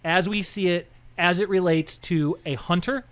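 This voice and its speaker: A young man co-hosting a casual podcast, his voice sitting a little high for a man. He rambles and restarts as he goes, and he acts out the people in his stories with lively quoted dialogue. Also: moderate pace. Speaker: podcast co-host. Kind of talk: casual political chat.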